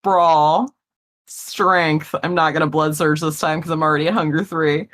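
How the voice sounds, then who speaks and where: A woman's voice: low-pitched, normal speed. A woman playing in a tabletop horror game, swearing freely and laughing often as she describes her character's actions. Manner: profane, lively, laughs often. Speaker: player. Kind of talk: tabletop role-play, in character.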